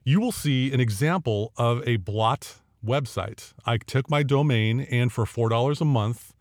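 A man's voice: medium pitch, measured pace, no room sound, studio quality. A man hosting a casual podcast, talking in a chatty, jokey, folksy way. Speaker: podcast host.

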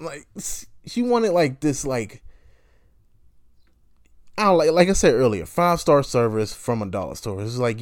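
A man rambles on his podcast in a loose, profane monologue, griping about customers and laughing at his own complaints. His voice sits at an ordinary middle pitch. The recording is dry and close, with no room sound. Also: very animated, moderate pace, darkish tone, no echo. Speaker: podcast host.

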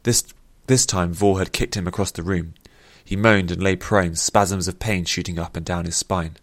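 A man narrating a fantasy story in a steady, measured way. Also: sits low, no echo.

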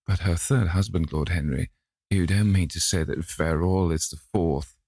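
A man's voice: deep voice, fairly even intonation, normal speed, darkish tone, husky, no room sound, clean studio sound. A man voicing a chatty, scolding elderly society hostess in an audiobook reading, with exclaiming, indignant lines.

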